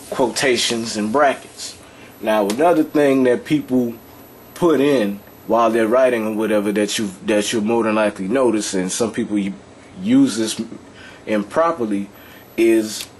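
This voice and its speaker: A man's voice: on the low side, a little hiss or hum. A man teaching an informal lesson, talking loosely and repeating himself while often checking that the listener follows. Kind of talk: casual explanatory lesson.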